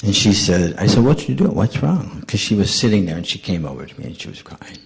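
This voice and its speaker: Middle-aged male lecturer, animated storyteller with a low, expressive voice. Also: fast, creaky. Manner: animated, acts out dialogue. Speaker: visiting monk speaker.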